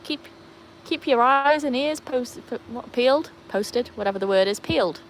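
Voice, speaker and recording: A woman's voice: on the high side, moderate pace, a little hiss or hum. A woman hosting a casual live stream for her dog channel, rambling along with lots of fillers. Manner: chatty and rambling, with many fillers. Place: outdoors beside a pool.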